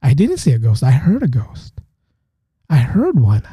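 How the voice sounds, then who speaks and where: A man's voice: medium pitch, huge pitch swings, measured pace, mellow, breathy edge, no room sound, studio quality. A man hosting a podcast, talking casually and rambling with frequent restarts. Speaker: podcast host. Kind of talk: casual monologue.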